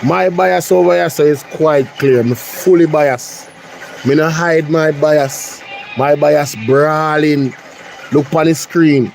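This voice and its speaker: A man's voice: fairly high pitch, fairly even intonation, takes it slowly, vocal fry, a little mellow, slight background noise. Blunt Jamaican man reacting. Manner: incredulous, blunt, mixes patois and English. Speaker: host. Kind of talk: reaction commentary.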